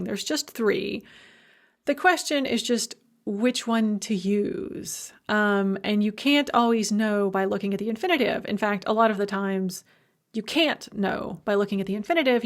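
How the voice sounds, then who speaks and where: A woman lecturer with a slightly high voice talks through a recorded language lesson. She keeps it informal and chatty, tossing in quick asides as she explains. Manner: slow, stressed demonstration of spoken forms.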